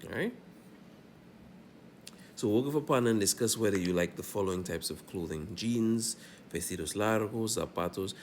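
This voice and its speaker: A man's voice: on the low side, moderate pace, long pauses, slight background noise. A man teaching a Spanish grammar lesson, going over examples and checking in often with "all right?".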